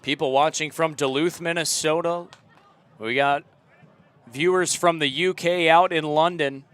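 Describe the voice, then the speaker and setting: A young man calling a live soccer match outdoors, relaxed and chatty, and loud on close chances. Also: on the high side, a little slow, clean tone. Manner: relaxed chatty commentary, rising to loud excited calls. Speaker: play-by-play commentator. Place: outdoor stadium.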